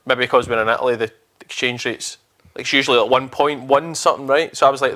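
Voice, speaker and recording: A young Scottish man with a Scottish accent tells a rambling anecdote at a rapid clip. His pitch sits in the middle range, and the swearing comes out easy and offhand as he talks. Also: steady tone, pushed and bright. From Scotland. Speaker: podcast co-host. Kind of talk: casual storytelling chat.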